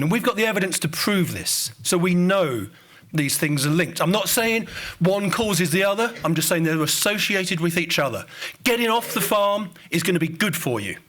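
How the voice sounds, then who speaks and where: Male conference speaker, Estuary English accent, higher voice, informal and audience-facing. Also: fairly bright tone. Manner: informal, addresses audience directly. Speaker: conference speaker presenting research. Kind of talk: conference presentation.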